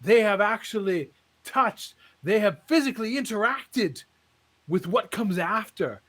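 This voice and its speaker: A man voicing a showy, fervent male tent-revival preacher in a pompous preaching cadence with drawn-out pauses. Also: high voice, animated, fairly bright tone, full character voice. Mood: exultant.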